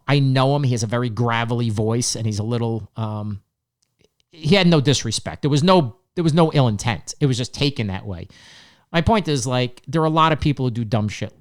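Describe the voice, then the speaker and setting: A man's voice: mid-range voice, expressive, fairly quick. A man co-hosting a podcast, telling long rambling stories and acting out the people he quotes. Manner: rambling storyteller, acts out quotes. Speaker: podcast co-host. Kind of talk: casual chat.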